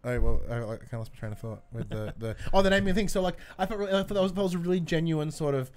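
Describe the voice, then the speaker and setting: A man's voice: on the high side, expressive, rapid-fire, a little mellow. A young man co-hosting a podcast, talking casually about movies, swearing freely and tripping over his words. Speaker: podcast co-host.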